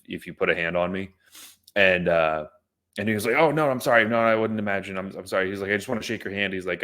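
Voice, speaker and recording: A podcast co-host with a low, fairly bright voice tells a story during casual chat. He restarts often and uses many fillers.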